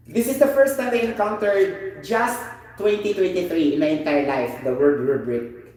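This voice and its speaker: A Filipino man with a Filipino accent teaching an English vocabulary lesson, animated and often asking "you get the point?". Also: high-pitched, moderate pace. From Philippines. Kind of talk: informal online vocabulary lesson. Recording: very echoey room, voice distant from the mic.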